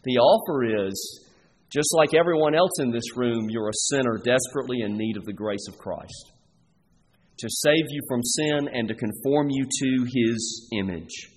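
A man preaching a sermon as pastor, earnest and deliberate, pausing between phrases. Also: medium pitch, big-room sound, a little hiss or hum.

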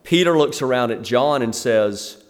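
A middle-aged male pastor preaching in a relaxed, conversational way, at an everyday mid pitch. He explains the text and brightens when he acts out the people in the story. His voice carries a long reverb, as in a church sanctuary. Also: moderate pace. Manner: conversational, acts out the scene in lively quoted asides. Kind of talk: expository sermon.

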